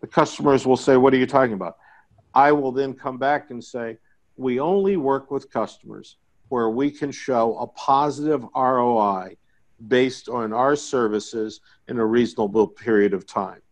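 A man's voice: medium pitch, a little mellow. Man, middle-aged, folksy storyteller, joking, conversational interview guest. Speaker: guest, IT sales consultant.

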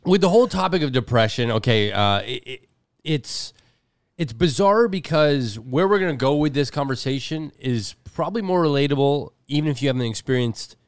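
Animated man co-hosting a casual podcast. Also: medium pitch, dry recording, clean studio sound. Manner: animated, quick restarts and playful voices. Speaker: podcast co-host.

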